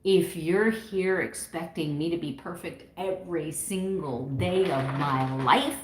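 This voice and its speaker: A woman in her fifties talking to her viewers in a heartfelt personal vlog about her diet journey, animated and slipping into other people's voices when she quotes them. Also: lowish voice, measured pace, echoey room, background noise. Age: 50s. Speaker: keto vlogger.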